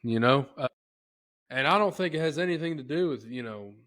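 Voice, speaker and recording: A man hosting a podcast, telling a story in a casual, rambling, animated way with lots of filler talk. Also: mid-range voice, fairly quick. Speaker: podcast host.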